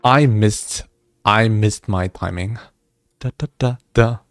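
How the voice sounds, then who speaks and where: A man's voice: fairly low pitch, slow pace, loud music behind the voice. A man chatting casually with viewers during a livestream, laughing often and restarting his words as he goes. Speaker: music streamer.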